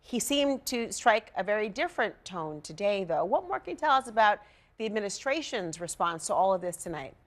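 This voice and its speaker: A female news anchor asks crisp, direct questions at a middle pitch. Her delivery is composed and keeps the panel moving. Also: very animated, a little fast. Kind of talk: live news hosting.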